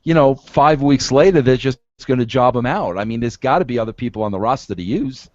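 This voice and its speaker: A man's voice: mid-range voice, fairly quick, dry recording, highs cut off. A man joining a podcast as a guest, talking casually and stammering through restarts.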